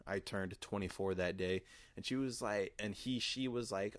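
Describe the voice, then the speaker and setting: A man's voice: lowish voice, normal speed, no room sound. Rambling, profane young man telling a story. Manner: rambling, profane, lots of fillers. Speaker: podcast host. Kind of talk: casual storytelling monologue.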